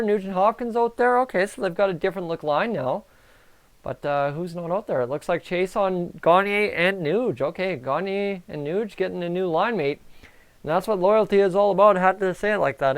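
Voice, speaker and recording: A Canadian man hosting a live stream, giving excitable, chatty reaction commentary on a hockey game and talking to his viewers. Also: high-pitched, smooth. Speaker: livestream host.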